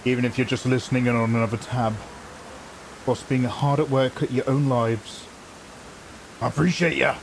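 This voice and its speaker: A man's voice: medium pitch, fairly even intonation, moderate pace, vocal fry, pauses often, a little hiss or hum, rough recording. A man chatting casually with viewers during a live game stream, playful and joking with a lot of laughter. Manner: playful, jokey, laughing often, hamming up mangled French. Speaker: game livestreamer.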